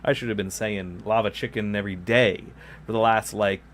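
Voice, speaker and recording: A man's voice: fairly low pitch, fairly even intonation, moderate pace. A man hosting his gaming channel, chatting casually while he streams, rambling, correcting himself often and joking along. His microphone sits some distance from his mouth. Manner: rambling, self-correcting, playful. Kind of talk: casual chat while live streaming gameplay. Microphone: microphone kept far from the mouth.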